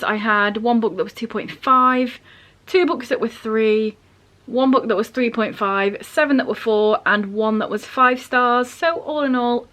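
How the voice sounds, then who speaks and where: A woman's voice: a little high, fairly bright tone. A woman vlogger chatting casually through a monthly book wrap-up, gushing about what she read. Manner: chatty and gushing, giggly at the start.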